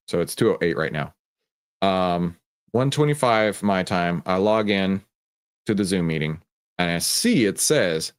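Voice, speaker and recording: A Texan livestream host speaks at a measured pace in a low-pitched, clear, resonant voice with lively intonation. He chats laid-back and jokingly, greeting chat viewers by name.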